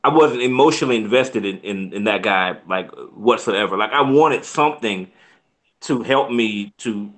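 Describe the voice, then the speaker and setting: A man's voice: lowish voice, moderate pace, fairly bright tone. A man co-hosting a casual film review chat, rambling with restarts and laughing often.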